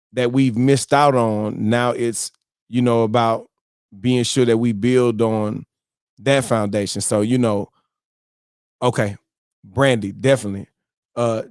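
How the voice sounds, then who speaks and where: A man's voice: mid-range voice, a little mellow, clear, resonant tone, dry recording, studio quality. A man, hosting a live morning stream in loose, joking casual chat full of slang and fillers.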